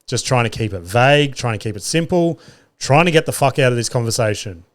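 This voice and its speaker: A man in his thirties hosts a laid-back solo podcast. He talks in a middle pitch, close to the mic, and spins profane, exasperated stories punctuated by wry laughter. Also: lively intonation, fast. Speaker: podcast host. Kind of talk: casual solo podcast monologue.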